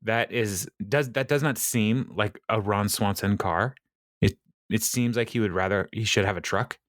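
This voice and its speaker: Low-voiced guy rambling through a tv recap, laughs a lot, dry close sound. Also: normal speed, a bit bright, dry recording. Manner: rambling, laughs often, acts out quotes. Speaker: podcast co-host. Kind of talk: casual recap chat.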